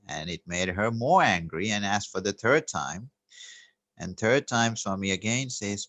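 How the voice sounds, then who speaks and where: A man giving an earnest, unhurried spiritual talk, telling a story and pausing on fillers and restarts. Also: fairly low pitch, bright, forceful tone, dry recording. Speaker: spiritual teacher. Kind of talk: spoken spiritual teaching with storytelling.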